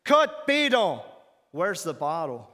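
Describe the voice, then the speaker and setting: A man acting out a frantic, threatening male kidnapper guard who yells and makes threats, in a spoken testimony. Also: a little high, a little fast, in a large hall. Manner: yelling, frantic, menacing.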